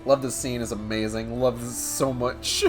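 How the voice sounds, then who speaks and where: A man's voice: mid-range voice, little pitch movement, moderate pace, soft background music. A man streaming a game, joking crudely and casually in let's-play commentary.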